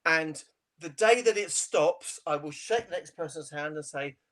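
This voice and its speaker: A middle-aged man, a TV chef guest, chatting casually in an interview and telling animated stories with frequent laughter. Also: on the high side, moderate pace. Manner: animated storyteller, laughs often.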